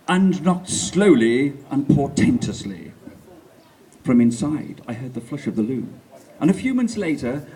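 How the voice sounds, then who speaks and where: A man's voice: mid-range voice, warm tone. A man reading a bawdy comic story on a festival stage, in a pompous, mock-grand manner.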